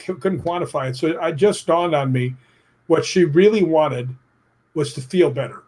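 A middle-aged man recounts a tale with lively energy, tossing in "right?" as he goes. His voice sits a little high and sounds husky and rough-edged. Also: moderate pace. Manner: animated storyteller, tags lines with "right?". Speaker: stuntman and actor, guest. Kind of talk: casual storytelling interview.

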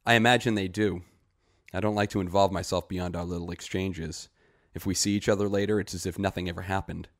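A man reading a short story aloud and voicing a wary village herb woman who scolds in hushed tones. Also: low-pitched, steady tone, a little fast, dry recording, clean studio sound. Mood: urgent, scolding.

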